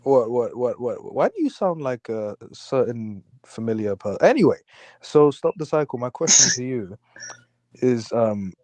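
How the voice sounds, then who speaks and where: A male host of a live online panel who jokes constantly, swinging between loud catchphrases and low mumbles. His pitch moves a lot, and the sound is dry and close. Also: animated, normal speed, dry recording. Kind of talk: casual chat.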